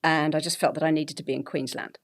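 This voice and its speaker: A woman in her forties from England with a BBC-style English accent, telling her story as an interview guest with animated, laughing delivery. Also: low voice, fast. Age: 40s. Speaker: guest, health coach. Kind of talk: conversational interview.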